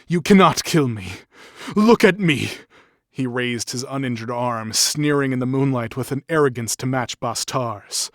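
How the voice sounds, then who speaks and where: A man's voice: mid-range voice, sing-song, measured pace, hardly any pauses, a little mellow, no echo, clean studio sound, pitched above the performer's own voice. A man reading aloud and voicing a proud male magister, a mage with an aristocratic, haughty manner. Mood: arrogant. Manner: haughty, defiant.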